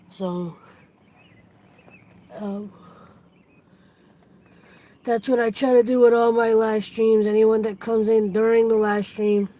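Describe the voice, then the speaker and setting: A woman's voice: medium pitch, mellow, low-quality recording. A woman hosting a casual live stream, chatty, greeting and thanking her viewers as they come in.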